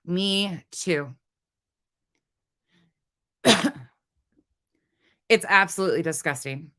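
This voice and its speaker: A woman's voice: fairly low pitch, extremely slow, sharp tone. A woman hosting a livestream, talking to her chat in a heated, swearing, casual way. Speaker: livestream host.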